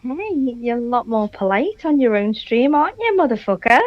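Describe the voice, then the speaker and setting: A woman's voice: fairly high pitch, sing-song, normal speed, dull audio. A woman with a Liverpool accent on a livestream, cheeky and teasing, swearing freely in casual banter. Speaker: guest caller.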